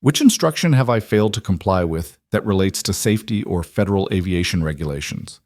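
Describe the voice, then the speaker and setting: Composed executive man, calm and precise, low voice, read by a male narrator. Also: fairly quick, dry recording, clean studio sound.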